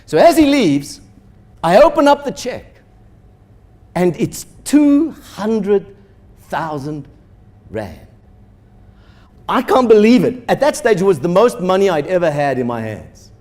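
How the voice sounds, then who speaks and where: Animated high-voiced pastor. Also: male voice, slow pace, long pauses. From South Africa. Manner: animated storyteller acting out dialogue. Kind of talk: sermon storytelling.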